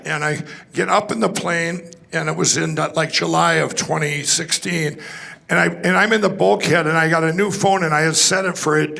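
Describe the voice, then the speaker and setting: Gravelly, forceful man telling a rambling testimony. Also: a little high. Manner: rambling, excitable storytelling with restarts and laughs. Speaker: conference speaker. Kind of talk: personal testimony talk. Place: conference hall stage.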